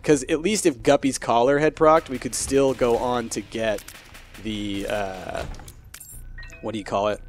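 A mid-pitched, chatty man gives live commentary as he plays through a video game. He goes quiet when he concentrates and swears loudly when things go wrong, with soft game music playing underneath.

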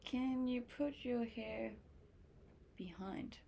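Chatty young woman streamer, gravelly edge. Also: medium pitch, unhurried, darkish tone, a little hiss or hum. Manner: chatty, reads questions aloud and answers them. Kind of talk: casual chat reading viewer comments.

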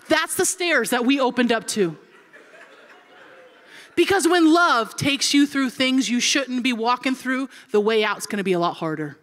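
Woman pastor, 40s, higher-pitched, lively comedic preacher who acts out her stories. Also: big-room sound. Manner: animated and comedic, acting out scenes. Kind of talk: storytelling sermon.

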